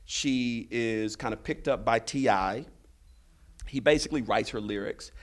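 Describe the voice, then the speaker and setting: A man, a professor, speaking on a panel and lecturing, who keeps checking in with listeners by asking "right?". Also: medium pitch. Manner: rhetorical, tags points with "right?"; acts out quoted people in raised voices. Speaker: history and literature professor.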